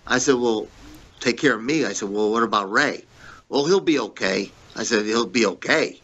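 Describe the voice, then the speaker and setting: A man's voice: medium pitch, moderate pace, fairly bright tone, highs cut off. A middle-aged man, a former pro wrestler, telling blunt, profane backstage stories in a shoot interview, acting out both sides of old arguments.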